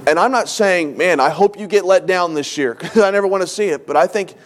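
Quick and high-voiced, a middle-aged man preaches as a pastor. His sermon is earnest and full of emotional storytelling, at times tearful, with phrases repeated for emphasis.

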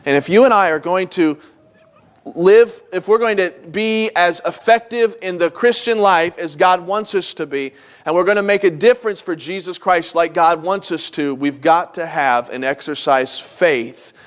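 A man's voice: high-pitched, moderate pace. Man preaching a folksy sermon story. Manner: folksy storytelling with many restarts. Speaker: pastor. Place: church.

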